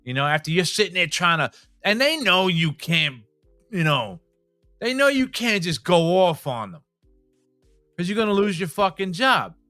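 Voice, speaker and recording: A man with a high, bright voice hosts a casual podcast and tells stories with animated energy, swearing freely and acting out the people he quotes. His voice comes across crisp and clear. The recording is dry and close. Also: moderate pace, dry recording, faint music behind. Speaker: podcast host. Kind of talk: casual chat.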